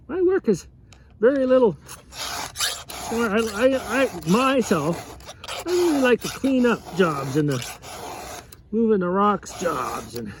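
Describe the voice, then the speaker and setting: A man's voice: high-pitched, very animated, slow pace, pauses often, noisy background. A man who runs a fishing lodge, giving rambling, folksy work advice while sharpening a chainsaw, chuckling as he goes. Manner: folksy, chuckling, repeats and restarts often.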